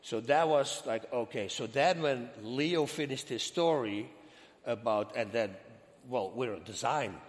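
Man, Dutch accent, animated storyteller, voices the dialogue, reverb-heavy room. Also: medium pitch, a little slow. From Netherlands. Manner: animated, acts out quoted dialogue. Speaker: interview guest. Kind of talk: storytelling in a sit-down interview. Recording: long hall reverb.

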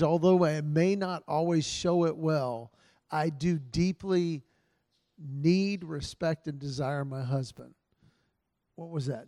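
Earnest man with a mellow voice. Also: fairly high pitch, no room sound. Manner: earnest and heartfelt, retelling stories with soft quoted lines. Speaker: men's ministry speaker. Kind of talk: church talk to a men's group.

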